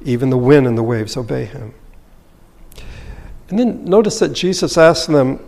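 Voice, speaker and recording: A man's voice: mid-range voice, normal speed, gravelly, long pauses, a little mellow. Guy pastor giving a sermon, earnest, asks the room questions, long echo from the church hall. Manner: earnest, explanatory, with rhetorical questions.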